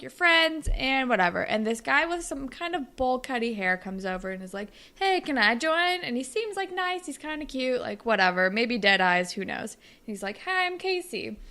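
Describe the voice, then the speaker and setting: Gravelly young woman podcast host. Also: fairly high pitch, fairly bright tone. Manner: rambling, filler-heavy, improvised storytelling. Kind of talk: casual chat.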